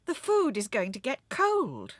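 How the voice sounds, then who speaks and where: A woman's voice: high-pitched, wildly swooping pitch, measured pace, dry recording, exaggerated voice. A woman voicing a fond, fussing grandmother pig in a cartoon, speaking. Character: fond old granny pig.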